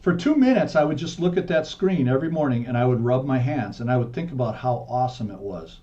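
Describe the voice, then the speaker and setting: Middle-aged male guest, mellow and frank, slightly dull recording. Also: medium pitch, animated. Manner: earnest, frank, speeds up and slows down to stress points. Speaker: podcast guest. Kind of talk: candid conversational storytelling. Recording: dull muffled podcast audio.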